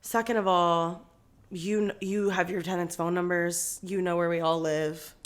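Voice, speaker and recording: A woman's voice: on the low side, fairly even intonation, moderate pace, clean tone. A young woman co-hosting a podcast, telling a story in a casual chat, acting out quotes and laughing often. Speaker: podcast co-host.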